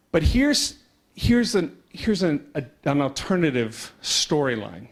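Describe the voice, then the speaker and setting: A man giving a talk, telling a story in a lively way and acting out the voices in his anecdote. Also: on the high side. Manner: animated storyteller acting out dialogue; quick pace with slowing down. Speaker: conference speaker.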